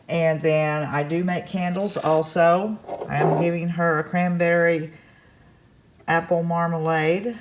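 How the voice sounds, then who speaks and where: Chatty country crafts woman in her kitchen. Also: deep voice. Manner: chatty and rambling, with folksy asides. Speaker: crafts vlogger host. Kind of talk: casual chat to camera. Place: home kitchen.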